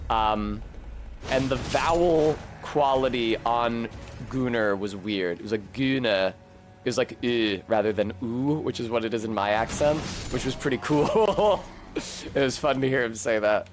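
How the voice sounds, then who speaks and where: A man's voice: mid-range voice, unhurried, a little hiss or hum. Chatty profane man streaming a game. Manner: chatty, profane, laughs often. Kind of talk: casual gameplay commentary.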